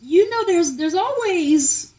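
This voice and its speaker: Woman, podcast guest, casual chat, animated, emphatic, echoey room, distant mic. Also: very high voice, slow pace. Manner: animated, emphatic, laughs often.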